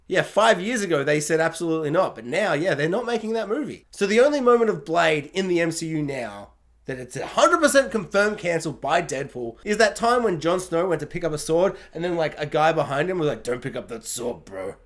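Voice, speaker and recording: Male film reviewer, casual and sarcastic, voice on the high side, wry asides. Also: lively intonation, fairly quick. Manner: sarcastic, joking.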